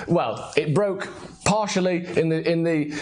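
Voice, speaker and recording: Young guy hosting a footy stream, kinda high voice, goofy rambling banter. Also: unhurried, darkish tone. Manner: jokey, playful, rambling banter. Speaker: host. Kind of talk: casual live-stream chat.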